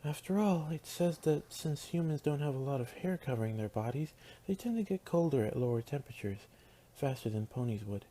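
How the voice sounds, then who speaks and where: Earnest bookish pony mare, voiced by a man, brisk, matter-of-fact, raised pitch, storybook reading. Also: expressive, warm tone, close to an everyday voice.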